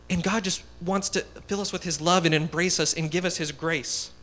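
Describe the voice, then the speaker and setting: A man's voice: a little high, fairly bright tone. A young man giving a casual, story-driven sermon, chatty and laughing as he talks. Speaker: guest speaker.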